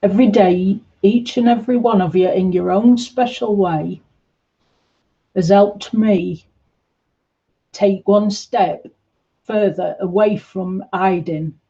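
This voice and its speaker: Slow soft-spoken woman on a livestream, mellow, kinda muffled audio. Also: mid-range voice, fairly even intonation. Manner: gentle, reassuring, calls viewers sweetie. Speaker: livestream host. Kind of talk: casual livestream chat reading comments.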